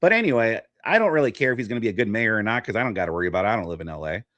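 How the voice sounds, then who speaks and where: A man's voice: lowish voice, lively intonation, very fast, fairly bright tone, no echo. A man hosting a live political stream, ranting in a sarcastic, mocking way. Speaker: host. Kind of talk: casual political talk.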